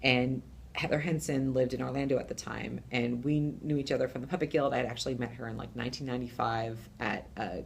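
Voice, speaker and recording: A middle-aged woman puppeteer telling stories in a casual interview, animated and laughing, acting out voices. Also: extremely low pitch, fast talker, gravelly, a little hiss or hum. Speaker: puppeteer guest.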